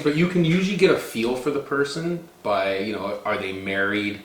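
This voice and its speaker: A man's voice: medium pitch, animated, quick pace, few pauses, a bit bright. Man, casual podcast co-host, chatty, filler-heavy, echoey room. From Canada.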